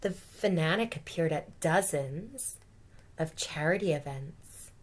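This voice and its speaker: Slow, gentle teacher reading a storybook. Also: female voice, low voice, expressive. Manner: slow and gentle, pausing to explain and ask questions. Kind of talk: reading a picture book aloud to children.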